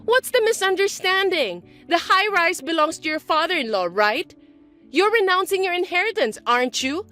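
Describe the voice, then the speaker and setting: A woman's voice: extremely high pitch, animated, normal speed, bright, forceful tone, soft background music, voice pushed up, exaggerated voice. A woman voicing an entitled, greedy young sister-in-law in a dramatized text-message story. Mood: scornful. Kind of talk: texting-story dialogue reading.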